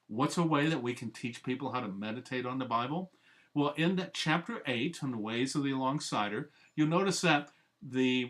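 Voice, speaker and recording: A man's voice: medium pitch, a bit bright. A man giving an earnest, methodical instructional training talk as a discipleship trainer, laying out simple steps one by one.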